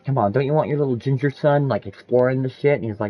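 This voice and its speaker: A man's voice: medium pitch, fast talker, hardly any pauses, highs cut off, faint music behind. A man in casual chat, telling long rambling stories full of swearing. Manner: rambling, profane storytelling.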